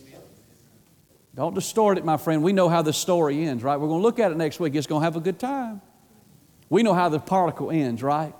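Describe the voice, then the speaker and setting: High-voiced preaching man in a reverberant hall. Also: a little fast. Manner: impassioned preaching that swings from loud to hushed. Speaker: pastor. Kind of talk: sermon. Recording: long reverb of a large church hall.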